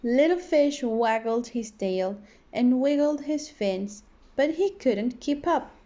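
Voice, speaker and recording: On a dull lo-fi recording, a primary school teacher with a high voice reads a kids' storybook at a slow pace, adding playful noises and plenty of expression.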